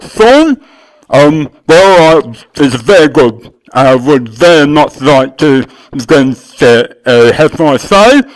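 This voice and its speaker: A man playing a bumbling, tipsy Australian guest who stammers and talks haltingly, in an Australian accent. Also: on the high side, low-quality recording.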